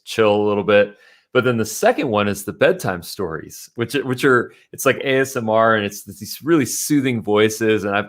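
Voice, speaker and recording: Male podcast host, fairly low voice, casual and talkative with many restarts. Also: fairly bright tone. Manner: chatty, laughs easily, restarts often.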